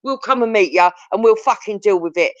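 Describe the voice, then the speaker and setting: A woman's voice: medium pitch, fairly quick, no room sound. A woman ranting bluntly and confrontationally, swearing heavily as a live-stream talk host. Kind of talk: heated profane rant. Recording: dull lo-fi audio.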